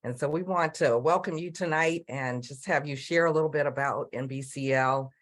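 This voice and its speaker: A middle-aged woman moderating an online panel over a video call, upbeat and chatty with frequent ums, her voice going hoarse. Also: low-pitched, normal speed. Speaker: panel moderator and business coach.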